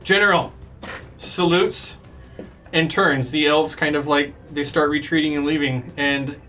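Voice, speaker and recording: A man's voice: a little high, fairly even intonation, unhurried, a bit bright, far from the mic, faint music behind. A man narrating a tabletop game as game master, in loose, filler-heavy speech.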